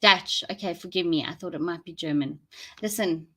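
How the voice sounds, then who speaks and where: Bright-voiced chatty South African woman. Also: on the low side, moderate pace. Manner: chatty, rambling, laughs often. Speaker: livestream host. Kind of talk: casual live-stream chat with viewers.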